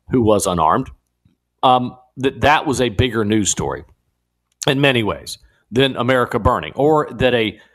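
A man hosting a talk radio show, giving a digressive opinion monologue with frequent restarts. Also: mid-range voice. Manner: animated, digressive, many restarts. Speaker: guest radio host. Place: radio studio.

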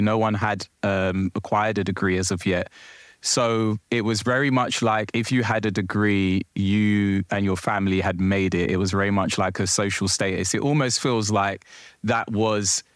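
A young man with a low voice tells his stories in a casual interview. He speaks easily and laughs often, with plenty of fillers. The sound is dry and close. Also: no room sound. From South East London. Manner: lively storyteller, laughs easily, frequent fillers. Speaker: guest, cultural commentator.

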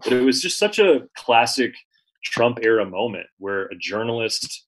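A man, a journalist guest, recounting an experience in relaxed conversation with frequent fillers and restarts. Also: mid-range voice, normal speed, poor audio. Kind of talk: conversational storytelling.

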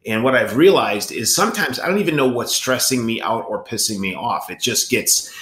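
Bright-voiced man, candid and reflective. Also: medium pitch, animated, fairly quick, roomy sound. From Italian heritage. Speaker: podcast co-host. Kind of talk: casual conversation.

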